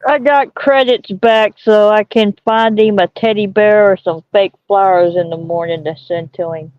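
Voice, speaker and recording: A stream co-host in casual banter, playful and quick to object. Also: mid-range voice, fairly even intonation, dry recording, lo-fi sound.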